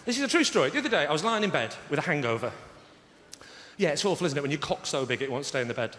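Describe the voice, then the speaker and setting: A man's voice: on the high side, big pitch swings, very fast. A man with an English accent doing a sarcastic stand-up routine on a theatre stage, acting out a phone call with a salesman. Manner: sarcastic, storytelling with acted-out phone dialogue. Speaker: stand-up comedian. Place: large theatre stage with live audience. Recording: echoey theatre hall, loud ambience.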